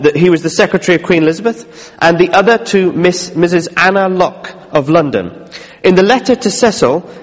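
High-voiced man preaching in a reverberant hall. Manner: conversational, jokey asides. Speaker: pastor. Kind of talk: sermon.

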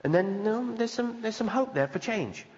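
A man's voice: high-pitched, animated, normal speed, a little mellow. A man preaching a sermon as pastor, earnest and conversational, acting out the voices he quotes. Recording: dull sound with long hall reverb.

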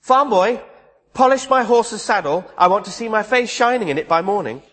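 Bossy young woman giving orders, voiced by a man in a reverberant hall, pitched a little high. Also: animated, moderate pace, fairly bright tone, husky, exaggerated voice. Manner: imperious, demanding.

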